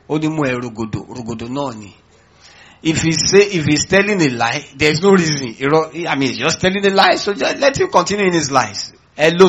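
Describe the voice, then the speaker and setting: A man's voice: mid-range voice, fairly bright tone, husky, highs cut off. A man preaching a sermon as pastor, calling out to his congregation with questions and rallying lines. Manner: preaching with call-outs to the congregation.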